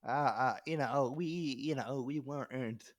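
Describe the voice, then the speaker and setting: A man's voice: medium pitch, a little slow, dry recording. A young adult male comedian telling a story on a podcast, talking loosely, swearing and laughing as he goes. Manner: loose, rambling, swears, laughs mid-sentence. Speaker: comedian guest.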